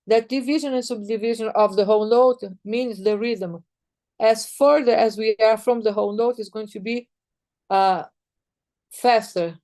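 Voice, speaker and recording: A woman's voice: fairly high pitch, fairly even intonation, warm tone. A woman teaching a rhythm lesson who chants counts and syllables patiently, and who is losing her voice. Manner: slow, patient, repetitive counting aloud. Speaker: music teacher.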